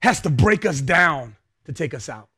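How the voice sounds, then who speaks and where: A young adult male pastor preaching a sermon, swinging between hushed words and shouted peaks. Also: on the high side, lively intonation, moderate pace, husky.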